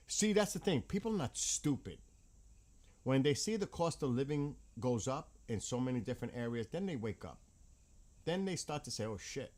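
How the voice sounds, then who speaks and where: A man's voice: medium pitch, darkish tone. A man ranting bluntly about politics in a casual vlog, heated and swearing often. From United States. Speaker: vlogger.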